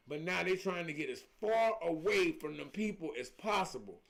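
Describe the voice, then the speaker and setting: A man's voice: on the high side, expressive, moderate pace, gravelly, a bit bright. A middle-aged man, talking casually on a livestream as a spiritual life coach, emphatic and preachy, telling stories with lots of repetition.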